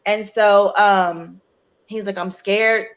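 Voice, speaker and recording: A young adult woman, a guest on a talk show, earnestly telling a personal story in a halting way, with many fillers and restarts. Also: mid-range voice, steady tone, highs cut off. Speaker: guest sharing her story.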